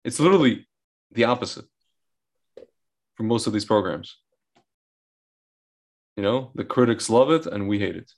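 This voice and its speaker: A man's voice: fairly low pitch, lively intonation, moderate pace, pauses often, a little mellow. A man co-hosting a casual podcast, agreeable and blunt, who chimes in often. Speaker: podcast co-host.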